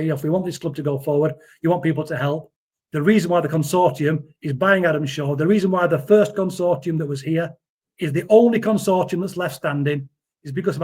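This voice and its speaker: A man's voice: a little high, a little mellow, slightly rough. A man, talking earnestly in a casual interview, often repeating words as he defends someone. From Yorkshire, England. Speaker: interview guest.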